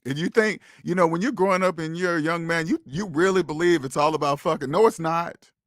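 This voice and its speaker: A man's voice: on the high side, a little fast, dry recording, clean studio sound. A man hosting a casual livestream, talking to viewers in an emphatic, preachy way and repeating his points. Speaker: host of a personal finance livestream.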